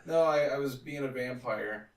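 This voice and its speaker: A man's voice: medium pitch, moderate pace, recorded from a distance. A young man co-hosting a casual movie review podcast, joking, swearing and telling stories. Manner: joking, profane, storytelling. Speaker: podcast co-host. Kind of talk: casual chat. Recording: roomy echo, off-mic.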